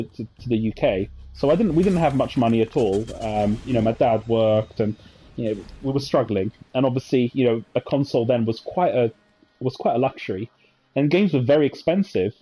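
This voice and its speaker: A man's voice: medium pitch, mellow, husky. A man, chatting casually and reminiscing over gameplay with many fillers and asides. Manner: rambling, nostalgic storytelling with many fillers. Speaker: gaming channel host.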